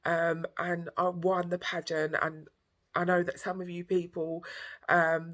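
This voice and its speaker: A woman's voice: on the low side, a bit bright. A woman in her thirties talking candidly in a vlog, heartfelt and tearful, rambling with many fillers. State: tearful, emotional. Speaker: vlogger.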